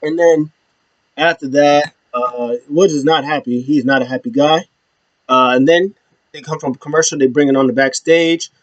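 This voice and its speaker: A man's voice: on the high side, fairly even intonation, moderate pace, no echo, muffled recording. A man hosting his own show, giving a casual, rambling recap with many restarts. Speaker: show host.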